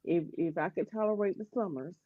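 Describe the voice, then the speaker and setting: A woman's voice: on the low side, fairly quick, no echo. A woman with a Georgia Southern accent chats easily as a podcast co-host, laughing often. Her audio comes over a remote stream, muffled and dry. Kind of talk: casual podcast chat. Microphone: remote live-stream call.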